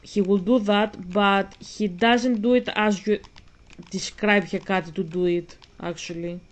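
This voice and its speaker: Slow insistent woman vlogger. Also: mid-range voice, steady tone. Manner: slow, insistent, repeats herself while explaining. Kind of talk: spoken commentary on a video.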